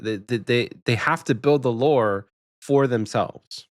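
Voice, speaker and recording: A man's voice: mid-range voice, measured pace, dry recording, clean studio sound. A man co-hosting a casual gaming podcast, speaking in a laid-back way with short replies. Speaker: podcast co-host.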